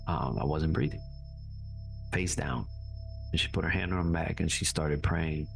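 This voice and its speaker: Low, raspy male storyteller, animated, music bed. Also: moderate pace. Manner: animated, voice jumps high when reliving anger. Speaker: guest survivor telling his story. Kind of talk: casual storytelling.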